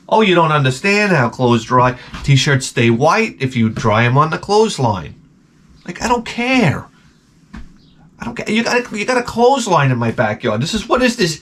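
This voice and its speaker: A man hosting his vlog, telling a profane comic story in an animated rant full of stammered restarts. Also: a little high, moderate pace, a little hiss or hum. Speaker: vlogger host.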